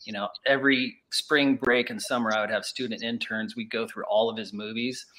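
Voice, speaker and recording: A man's voice: on the low side, fairly even intonation, brisk, pushed and bright. A middle-aged man hosting an interview, enthusiastic and affirming as he responds and asks questions. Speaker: podcast host. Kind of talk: conversational interview.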